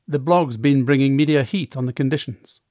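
Brief: a man playing a friendly New York Italian mob type, streetwise, mid-pitched voice. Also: fairly quick, darkish tone, no room sound, studio quality, lightly acted. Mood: easygoing. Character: tough adult male mobster's son, friendly.

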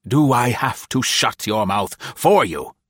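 A man voicing a cold, menacing gunman in an audiobook, speaking clipped and slow. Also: mid-range voice, lively intonation, a bit bright, slightly rough, no echo, clean studio sound, pitched above the performer's own voice. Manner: clipped, threatening.

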